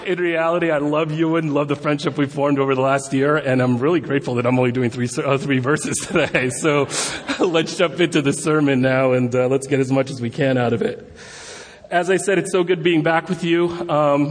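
A man's voice: mid-range voice, fairly even intonation, brisk. A man giving a guest sermon at a church service, talking in a chatty, self-deprecating way with many fillers. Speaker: guest preacher. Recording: long hall reverb.

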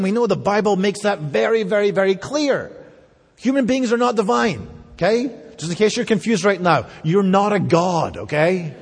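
A man preaching a sermon as pastor, reading scripture and praying, then teaching with animated, playful asides. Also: high-pitched, husky. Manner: animated, playful asides, voices quoted speakers. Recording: long hall reverb.

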